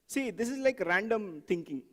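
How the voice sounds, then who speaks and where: In a large hall, a man gives an animated conference talk on software testing, asking the audience questions and acting out examples. His voice is high and his pace moderate.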